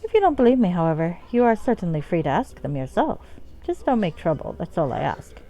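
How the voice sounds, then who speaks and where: Very animated and brisk, with a dark tone, this woman voices a flirtatious, sultry brothel madam from a game, reading the lines in a put-on accent she herself calls terrible. She drawls endearments that swoop deeply downward. Recording quality is low.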